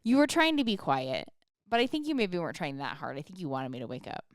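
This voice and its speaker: A young woman teasing her co-host in relaxed podcast banter, laughing easily. Her pitch moves a lot and the recording is dry and close. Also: fast talker, no echo. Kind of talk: casual chat.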